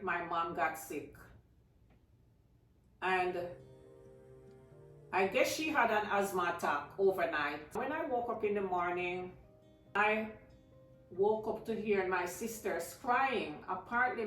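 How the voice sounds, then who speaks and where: This Jamaican woman's voice is lowish and a little bright, and she talks slowly with long pauses. Addressing her viewers as "guys," she shares a personal story casually and with emotion. Faint music plays in an echoey room, and the microphone is far from her.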